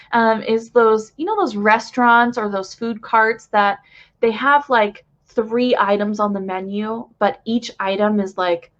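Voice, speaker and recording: Stuffy-nosed woman giving gentle spiritual guidance. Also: on the high side. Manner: gentle, reassuring, rambling with fillers. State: stuffy nose from crying. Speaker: spiritual channeler. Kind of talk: casual channeling message to viewers. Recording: dull lo-fi home recording.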